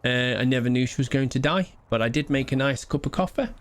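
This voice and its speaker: A man's voice: mid-range voice, quick pace. A man streaming a game live, chatting casually with rambling asides and a bit of swearing.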